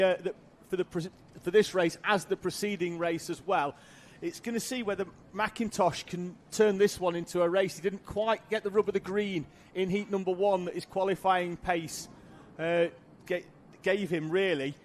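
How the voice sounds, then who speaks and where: A man giving live race commentary, reading viewer questions and calling the action. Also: high voice. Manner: measured, reads viewer chat, excited calls.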